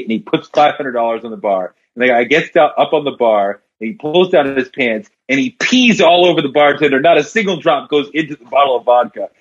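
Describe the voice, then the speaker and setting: A man, a podcast guest and writer, telling long story jokes in casual talk and voicing the characters with big jumps in pitch. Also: expressive, fairly quick, few pauses, lo-fi sound.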